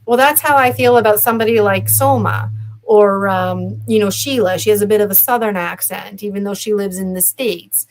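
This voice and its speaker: Woman from Canada, mid-pitched, a guest speaking over a video call, loose and meandering with lots of ums. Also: moderate pace, poor audio. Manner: rambling, reflective, many fillers. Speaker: guest promoting a conference. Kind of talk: casual video-call interview.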